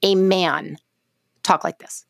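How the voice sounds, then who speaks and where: A middle-aged woman co-hosting a podcast, telling stories in a casual chat with lively, halting restarts. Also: lowish voice, creaky, dry recording, studio quality. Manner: animated storyteller, trails off mid-sentence. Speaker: podcast co-host.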